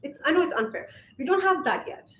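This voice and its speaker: A woman's voice: high-pitched, animated, brisk, a bit bright. A young woman from Asia, coaching on femininity in a casual vlog monologue, sassy and emphatic, swearing freely. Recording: roomy echo, faint background hiss.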